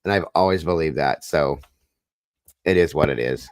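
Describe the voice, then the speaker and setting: A man hosting a live stream, chatting casually in a rambling, folksy way and clearing his throat now and then. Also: extremely low pitch, normal speed, no echo, studio quality. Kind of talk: casual chat.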